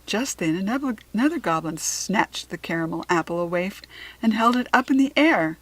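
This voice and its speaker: A woman reading a children's storybook aloud, slow, clear and expressive. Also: medium pitch, no echo, poor audio. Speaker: storybook reader.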